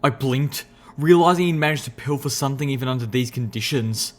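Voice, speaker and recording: A man giving a first-person audiobook narration in an expressive, measured storytelling voice. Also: mid-range voice.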